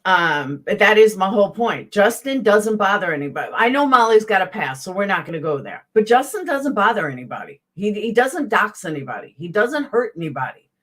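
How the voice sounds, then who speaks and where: Here a Southern woman hosting on YouTube sounds very animated, brisk, and fairly bright in a mid-range voice. She addresses her live chat with a blunt, heated, profanity-laced rant of casual commentary.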